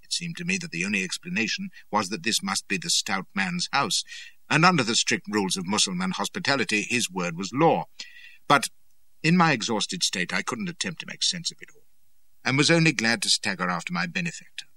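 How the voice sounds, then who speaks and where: Expressive male audiobook narrator. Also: lowish voice, fairly quick, no echo. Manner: expressive, dramatic storytelling. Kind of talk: scripted first-person narration.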